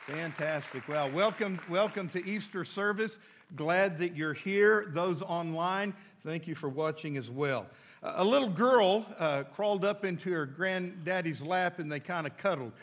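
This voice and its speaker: A man's voice: high-pitched, unhurried, fairly bright tone, dull audio, a faint crowd. A man preaching a folksy, conversational sermon in church. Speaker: pastor.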